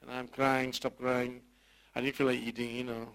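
A male pastor recounts a loss from the pulpit in an emotional, halting way. His voice sits in an ordinary middle register, and he often stumbles and repeats words before pressing on. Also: mid-range voice, monotone, fairly bright tone, clear, resonant tone, rough recording. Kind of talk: sermon testimony.

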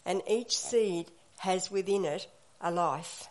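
A woman with a fairly low voice leads a church meeting. She gives an encouraging devotional talk in a gentle way. She often pauses on small fillers.

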